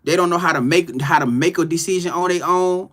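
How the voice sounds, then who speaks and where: A man's voice: on the high side, a little fast, a bit bright. A man doing a casual live-stream tarot reading, greeting viewers and laughing often. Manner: loose, slangy, greets chat viewers by name, laughs often.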